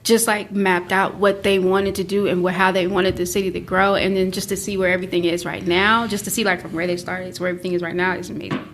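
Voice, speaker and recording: A young woman guest telling her story in a casual, animated podcast chat. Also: fairly low pitch, fast talker, hardly any pauses, a little hiss or hum.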